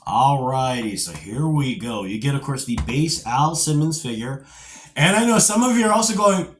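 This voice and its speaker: A middle-aged man reviewing a vintage action figure, talking in a rambling, animated way with playful asides and geeky nostalgia. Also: mid-range voice, moderate pace, a little hiss or hum. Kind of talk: casual video review.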